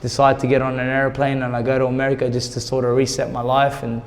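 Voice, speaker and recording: A man's voice: mid-range voice, monotone, quick pace. Man telling his story in a reverberant hall. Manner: emotional, retells conversations in quoted dialogue. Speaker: interview guest, former boxer. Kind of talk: candid storytelling interview.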